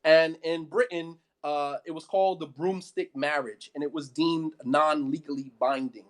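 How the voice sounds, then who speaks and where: A man giving an impassioned sermon, firing off rhetorical questions and repeating phrases for emphasis. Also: on the high side. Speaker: preacher.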